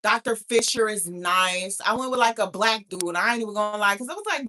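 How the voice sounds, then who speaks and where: A woman's voice: medium pitch, animated, a little fast, few pauses, pushed and bright, soft background music. A woman in her thirties hosting a talk show, chatting casually in a brash, profane, laughing way. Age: 30s. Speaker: podcast host. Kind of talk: casual chat.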